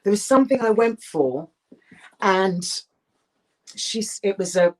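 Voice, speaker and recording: Middle-aged actress as interview guest, emphatic storyteller, mid pitch. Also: female voice, slow pace. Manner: emphatic, animated storytelling with restarts. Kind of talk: candid interview conversation.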